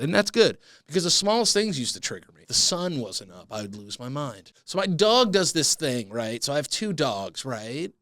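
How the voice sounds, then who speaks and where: Animated, cursing male podcast host. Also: on the high side, dry recording, clean studio sound. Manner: animated, swearing, self-mocking. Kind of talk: casual solo podcast monologue.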